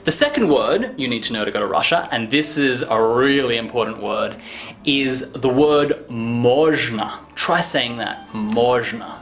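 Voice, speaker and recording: A man giving a casual language lesson, jumping high in pitch when acting out example phrases. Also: lively intonation, a little slow, fairly bright tone. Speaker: language teacher.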